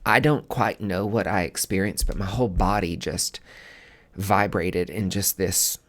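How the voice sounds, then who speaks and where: A male podcast host with a somewhat low voice tells a personal story in a loose, casual way. He speaks candidly and with open emotion, often restarting his sentences. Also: steady tone, measured pace. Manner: candid, emotional, given to filler words and restarts.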